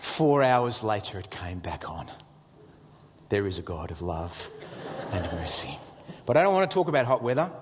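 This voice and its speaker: A middle-aged man, preaching a sermon as a pastor with lively storytelling and jokey asides. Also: lowish voice, normal speed, long pauses, big-room sound, slight background noise.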